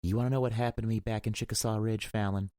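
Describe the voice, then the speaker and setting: A man's voice: low voice, quick pace, a little mellow, no echo, clean studio sound, natural voice. A man voicing a stubborn, fiery young woman in an audiobook, with a sing-song, biting way of talking. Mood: furious. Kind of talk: audiobook character voice.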